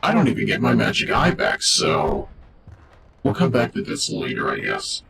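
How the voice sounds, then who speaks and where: A man's voice: medium pitch, wildly swooping pitch, normal speed, vocal fry, a crowd in the background. A man streaming a card game, chatting casually with his chat in a rambling, jokey way. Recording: game music behind voice.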